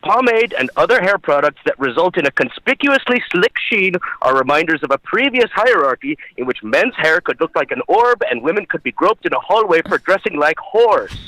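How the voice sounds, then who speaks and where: A man's voice: a little high, big pitch swings, brisk, few pauses, no room sound, poor audio. A man calling in by phone and doing an impression of a pompous, self-important lecturing professor. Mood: mock-solemn. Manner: mock-solemn lecturing, then shouting rants. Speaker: call-in caller. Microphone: phone call-in.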